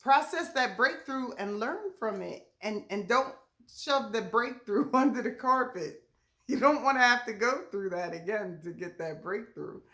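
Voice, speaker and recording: A woman delivers a heartfelt inspirational message. Her voice sits a bit high and she talks slowly and unhurriedly. She sounds moved, close to tears, with soft laughter breaking into her words. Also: lively intonation. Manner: heartfelt, laughing through tears, Southern-tinged casual speech. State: emotional, near tears. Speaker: ministry leader.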